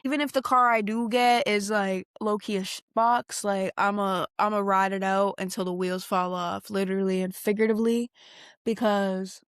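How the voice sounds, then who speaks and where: A woman's voice: mid-range voice, fairly even intonation, normal speed, a bit bright, smooth, no echo, clean studio sound. A young woman hosting a podcast, chatting casually in a rambling, slangy way, reacting to clips. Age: young adult. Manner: rambling, slangy, many fillers and restarts. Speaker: podcast host.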